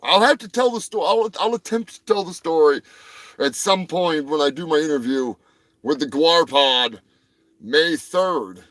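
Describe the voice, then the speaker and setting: A man's voice: on the high side, a little slow, a bit bright, dry recording, low-quality recording. Crude joking man hosting a livestream. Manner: crude, joking, trails off into mumbles. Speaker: livestream host. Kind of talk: rambling comedic live chat.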